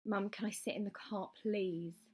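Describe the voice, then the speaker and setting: A woman voicing a hurt, defiant teenage girl with sharp, wounded retorts, in a storybook reading. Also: medium pitch, steady tone, normal speed, husky, close to an everyday voice.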